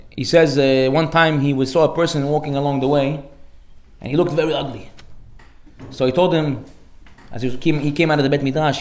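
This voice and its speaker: A man giving a sermon as a rabbi, animated, acting out the voices in his stories. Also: on the high side, echoey room. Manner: animated storytelling, acts out dialogue.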